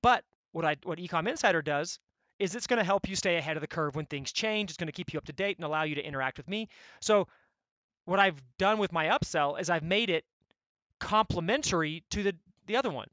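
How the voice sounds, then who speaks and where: Guy coaching online sellers, high bright voice, blunt and punchy, dry close sound. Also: fairly quick, dry recording. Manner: energetic, blunt, conversational with frequent "right?". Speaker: e-commerce coach. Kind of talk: coaching session to members.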